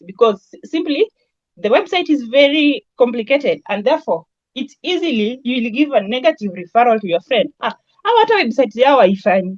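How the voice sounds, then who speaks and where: A woman's voice: a little high, no room sound. Kenyan woman teaching, with a dry, muffled sound. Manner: conversational, with lots of everyday examples and Swahili asides. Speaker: branding trainer. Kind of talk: lecture.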